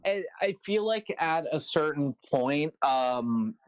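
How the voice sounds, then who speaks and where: A man's voice: on the high side, lively intonation, takes it slowly, smooth, no echo, low-quality recording. A man co-hosting a casual podcast, leading the episode recap with many fillers and restarts.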